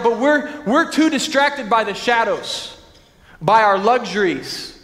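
A pastor preaching a sermon in an earnest, conversational way with frequent restarts. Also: male voice, very high-pitched, animated, takes it slowly, fairly bright tone. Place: large church sanctuary. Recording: long church-hall reverb.

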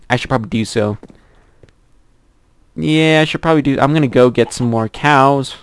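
A young man does gameplay commentary, chatty and giggly, rambling to himself and laughing often. His voice is creaky, and he squeals in a high voice at cute animals. The recording is dry with a close sound.

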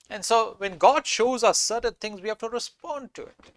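A man's voice: high-pitched, normal speed, few pauses, fairly bright tone, dry recording. A man preaching a sermon, reading scripture aloud and repeating key phrases for emphasis.

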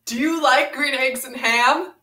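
A woman with a high-pitched, sharp voice and measured pace performs a brash young woman brawler who loves puns, in a comedic fan parody. Playful, teasing and impatient, she reads a picture book in a sing-song voice, picked up by a distant camera mic in a roomy space.

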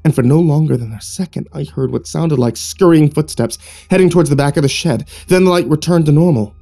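Mellow male horror narrator. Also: on the high side, brisk, gravelly, soft background music. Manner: hushed, suspenseful storytelling. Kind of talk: scripted narration.

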